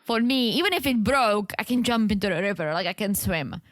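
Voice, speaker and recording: A woman's voice: medium pitch, expressive, brisk, no room sound, studio quality. A woman co-hosting a podcast, chatting casually and thinking aloud while recapping a reality show. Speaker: podcast co-host.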